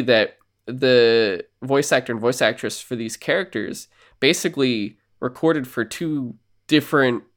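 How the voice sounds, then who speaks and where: Animated man recapping a game. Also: medium pitch. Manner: animated, acts out character voices while recapping a game. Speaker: podcast co-host. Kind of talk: casual chat.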